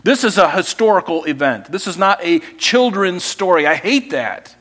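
A male pastor preaching a sermon in a conversational, animated storytelling way. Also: high-pitched, moderate pace.

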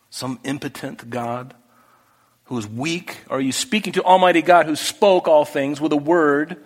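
A man preaching a sermon, talking through the text in a conversational way that moves from hushed to emphatic. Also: medium pitch, normal speed. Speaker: pastor. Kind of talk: expository sermon. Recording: echoey hall with long reverb.

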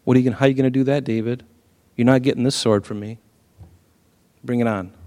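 A preacher puts on a giant warrior who sneers at his opponent with lazy, dismissive scorn. The voice sits a little lower and softer than a sermon voice. Long hall reverb trails behind every line. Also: steady tone, fast, close to an everyday voice. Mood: scornful. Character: mocking giant warrior man, arrogant and scornful. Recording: echoey hall.

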